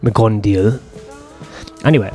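A man's voice: lowish voice, slow pace, dark tone, faint music behind. A man, telling a long personal story in a rambling, profane, self-deprecating way. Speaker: host.

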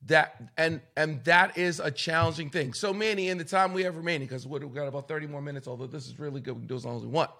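Man, slightly high voice, blunt and forceful, hosting a casual talk. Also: fairly even intonation, quick pace, few pauses. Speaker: pastor and podcast host. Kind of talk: casual conversation.

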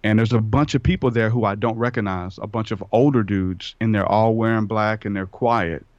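In a dull, lo-fi recording with no echo, a male podcast guest casually rambles through a personal story, acting out the conversations. His pitch is fairly low, his intonation fairly even, and his pace moderate.

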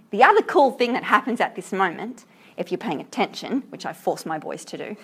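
A woman teaching a class about a poem, reading verse aloud slowly and asking her students questions with enthusiasm. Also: mid-range voice. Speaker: literature teacher.

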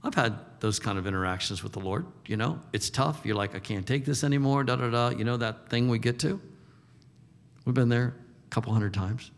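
A man delivers a sermon in a relaxed, chatty manner, slipping into the voices of the people he quotes. His voice sits at an ordinary middle pitch for a man. Long reverb from a large church hall trails each phrase. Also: moderate pace, gravelly. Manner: informal, acts out quoted voices, chuckles. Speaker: pastor. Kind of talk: conversational sermon.

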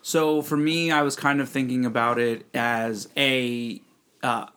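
A man's voice: mid-range voice, flat delivery, unhurried, pushed and bright, clean tone. A man co-hosting a casual podcast, joking and telling long personal anecdotes as a parent of young kids. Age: adult parent of young children. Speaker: podcast co-host and client. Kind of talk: casual chat.

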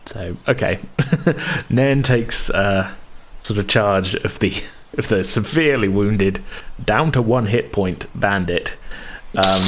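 A man narrating as game master of a tabletop game, relaxed and rambling. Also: lowish voice, slow pace, slight background noise. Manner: relaxed, rambling, hedging with fillers.

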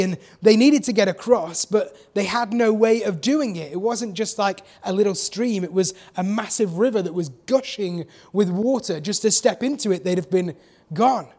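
A man preaching a sermon, animated, asking the congregation questions and acting out the people he quotes. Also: sits high.

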